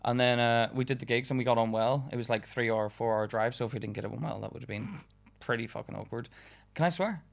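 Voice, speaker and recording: A man's voice: mid-range voice, fast talker, creaky. Chatty young man, a laughing comedian guest. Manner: chatty, swears, laughs often, many fillers. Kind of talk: casual podcast chat.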